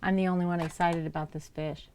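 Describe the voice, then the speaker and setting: A woman's voice: lowish voice, flat delivery, fast talker, background noise. A woman live-streaming from home in casual chat. She laughs easily and coaxes her dogs in a raised, playful voice. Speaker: livestreamer.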